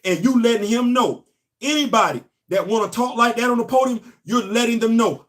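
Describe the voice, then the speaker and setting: Animated high-voiced man hosting opinion talk. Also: a little fast. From New York. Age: middle-aged. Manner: animated, emphatic, swings between loud and low asides. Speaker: host.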